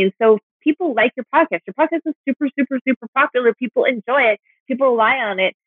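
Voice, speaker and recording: Woman guest, author type, excitable and self-mocking; high-ish voice, phone-line quality. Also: slightly rough, no room sound. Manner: animated, rambling, self-deprecating. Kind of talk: casual chat. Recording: dry tinny phone line.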